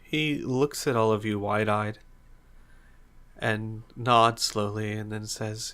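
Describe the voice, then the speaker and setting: A man's voice: on the low side, fairly even intonation, fairly bright tone. A man narrating a tabletop role-playing game as game master. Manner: unhurried, with fillers.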